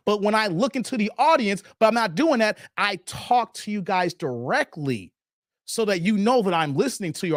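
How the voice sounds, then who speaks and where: A man's voice: high voice, a bit bright, no echo, clean studio sound. A man in his forties hosting a live stream, reacting to clips and talking straight to his chat viewers. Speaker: livestream host.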